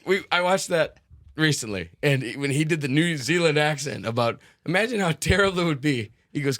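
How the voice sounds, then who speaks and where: A man's voice: on the high side, animated, a little fast, a bit bright, no room sound, studio quality. A man co-hosting a podcast in casual chat, joking, laughing often and slipping into silly voices. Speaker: podcast co-host.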